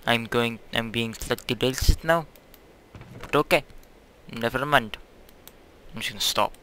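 A man's voice: mid-range voice, normal speed, bright, forceful tone, slight background noise. A young man hosting his own gaming channel, chatting casually over gameplay in a hyperactive, silly, rambling way.

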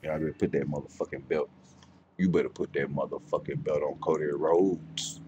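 A man's voice: rumbling low, steady tone, moderate pace, dark tone, highs cut off, a little hiss or hum. A young adult man streaming a game live, chatting casually in a blunt, profane, joking way. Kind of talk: casual chat while gaming live.

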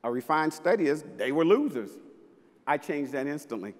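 A high-pitched man speaking live on a festival stage, playful and punchy, with sudden loud bursts for emphasis. His voice rings out with a long hall reverb trailing behind it. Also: sing-song, moderate pace. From Mississippi, US. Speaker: basketball coach giving a talk. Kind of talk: live inspirational stage talk. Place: large festival venue with audience.

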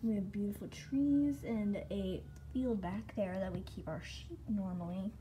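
A woman gives a casual, excitable home-tour vlog, chatting to her dogs and giggling often. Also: medium pitch, unhurried, slight background noise. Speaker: vlogger giving a home tour. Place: rural home, filming out the windows.

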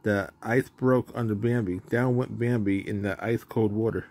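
A man reading a children's storybook aloud in a plain, even narrating manner, with the odd stumble. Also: on the low side, moderate pace, creaky.

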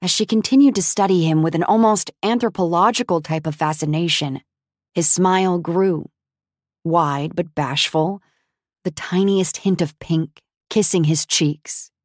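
A woman narrating an audiobook in a wry, expressive, lightly comic style. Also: lowish voice, a little slow, dry recording, clean studio sound. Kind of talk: scripted narration.

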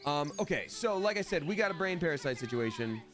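A man's voice: fairly high pitch, big pitch swings, fast talker. A man streaming a video game with casual, playful commentary and silly asides. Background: game music.

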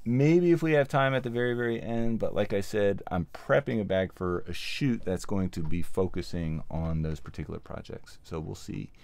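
A gravelly, slightly mellow male voice, lowish in pitch, moves at a moderate pace with hardly any pauses and no room sound. He's a sound mixer hosting a casual livestream, a bit short of breath, thinking aloud with frequent ums while assembling gear and answering viewers.

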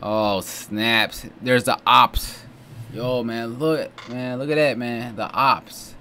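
A young American man hosting a reaction video takes it slowly, his mid-range voice sharp in tone and fairly even in intonation, with slight background noise. He talks casually, full of slang and exclamations, and says "bro" and "you know what I'm saying" over and over. Faint music plays from the video he's watching.

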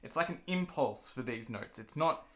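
A man's voice: mid-range voice, expressive, normal speed. A man teaching a violin lesson, patiently explaining each step between passages he plays. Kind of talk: instrumental lesson. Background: violin playing.

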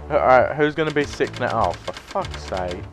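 A man giving sweary, excitable let's play commentary, breaking into loud yelps between muttered remarks. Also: mid-range voice. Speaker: gaming YouTuber.

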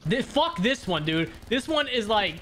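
A man's voice: high-pitched, very animated, unhurried, pushed and bright, slight background noise. A man joking crudely and swearing while playing a game with friends. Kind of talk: casual gaming banter.

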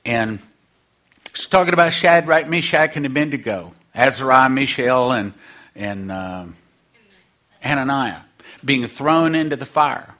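Animated, lively-pitched preacher man. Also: a little slow, long pauses. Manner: animated, acts out quoted voices, humorous asides. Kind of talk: sermon.

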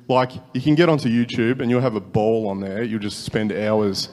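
An Australian man answering a question in a halting, casual way, with many fillers. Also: on the low side, fairly even intonation, a little mellow, long reverb tail, a little hiss or hum. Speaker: audience member.

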